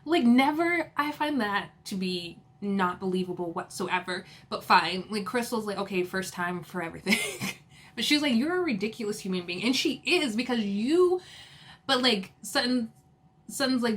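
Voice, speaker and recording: A woman casually recapping a reality TV episode, retelling the drama with laughs, quick asides and lively quoted lines. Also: mid-range voice. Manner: animated retelling, quoting others with laughs and asides.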